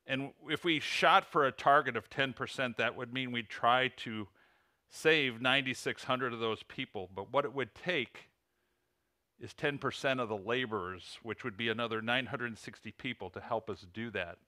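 A man's voice: mid-range voice, moderate pace, sharp tone, no echo, clean studio sound. A man with an Illinois accent, a ministry coach giving a sermon in a church and earnestly reading out lists and figures. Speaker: ministry coach, guest preacher. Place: church sanctuary.

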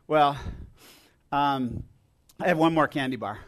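A man's voice: mid-range voice, a little slow, pauses often. A man preaching as pastor to his congregation, chatty and joking, with frequent restarts. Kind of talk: casual sermon with congregation. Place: church sanctuary.

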